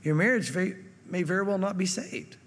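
A man's voice: high voice, expressive, moderate pace, a bit bright, long reverb tail, slight background noise. A man preaching a sermon as pastor, reading scripture and acting out quotes in a conversational way.

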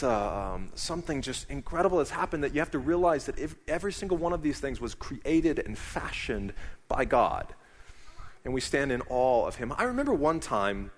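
A man's voice: medium pitch, a bit bright, long reverb tail. A middle-aged man preaching a sermon as pastor, conversational and emphatic.

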